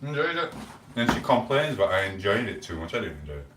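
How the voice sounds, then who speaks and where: A man's voice: lowish voice, big pitch swings, fast, very noisy. A man, chatting and rambling through stories on a live stream, quoting back-and-forth conversations. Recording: echoey room, voice a bit far from the mic.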